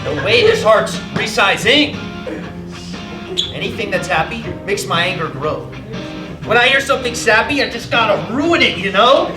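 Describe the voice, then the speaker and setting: A man's voice: sits high, animated, moderate pace, music in the background. A man singing and acting a surly young delivery trainee who hates anything happy, in a staged reading of a musical. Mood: sneering song. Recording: echoey room, distant mic, audience.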